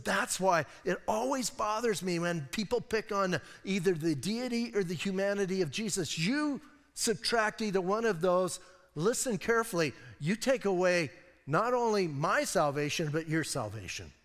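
A male pastor preaching a sermon in a church, animated and conversational, with asides to the congregation. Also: high-pitched, in a large hall. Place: church sanctuary.

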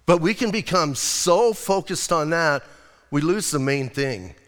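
A male pastor preaching a lively, conversational sermon and acting out quotes as he goes. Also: on the high side, measured pace, in a large hall.

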